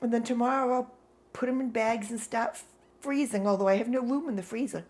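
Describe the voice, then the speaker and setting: An excitable woman, chatting at home in a casual vlog. Her voice sits fairly high, and she breaks into laughter as she tells her tale with wry exasperation. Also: a little fast. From New England. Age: 60s. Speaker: vlogger.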